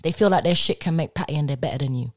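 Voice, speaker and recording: A woman's voice: low-pitched, rapid-fire. A woman, talking in a casual group chat and making her points with emphatic slang-heavy storytelling.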